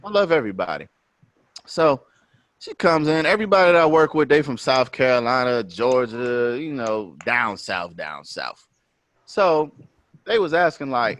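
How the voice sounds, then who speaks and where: A man from Virginia telling a story in casual podcast chat, slangy and animated, acting out what others said. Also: fairly high pitch, moderate pace, no echo. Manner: animated, slangy, acts out quotes. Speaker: podcast co-host. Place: podcast studio.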